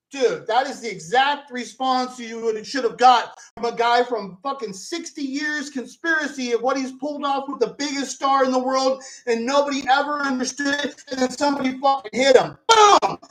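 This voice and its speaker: A man's voice: extremely high pitch, expressive, normal speed, fairly bright tone, rough recording. A man hosting a vlog who rants angrily and profanely, repeating himself as he argues. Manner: angry, profane, repetitive ranting. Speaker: video host. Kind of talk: profane ranting vlog commentary.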